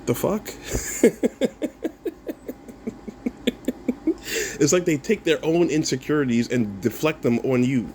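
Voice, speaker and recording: A man's voice: mid-range voice, expressive, moderate pace, few pauses, darkish tone, slight background noise. Mocking man ranting at online critics. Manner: mocking, laughs often, swears, repeats himself. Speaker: content creator replying to comments. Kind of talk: casual video rant.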